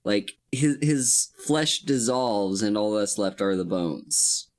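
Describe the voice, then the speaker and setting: A man's voice: lowish voice, animated, slow, a little mellow. A man co-hosting a casual film podcast, with dry humor, thinking aloud as he talks. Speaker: podcast co-host. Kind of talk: casual comedic film discussion.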